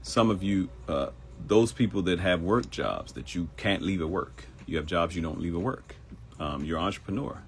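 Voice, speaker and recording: A man's voice: low voice, normal speed, slight background noise. A middle-aged man from Baltimore hosting a live talk show, chatty and storytelling, calling his listeners y'all. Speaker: host.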